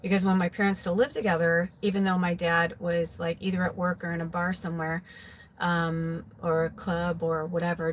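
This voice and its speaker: A woman's voice: fairly low pitch, a little hiss or hum. A woman who reads tarot, telling a personal story in a casual, rambling, emotional way, full of "like" and "you know.". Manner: rambling, filler-heavy, with frequent "like"; emotional, confessional. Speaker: psychic tarot reader.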